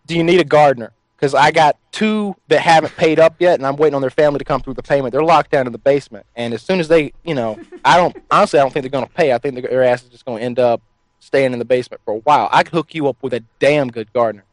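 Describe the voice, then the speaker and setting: A man hosting a show, making a prank phone call in a sly, deadpan, teasing manner. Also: medium pitch, quick pace, dry recording.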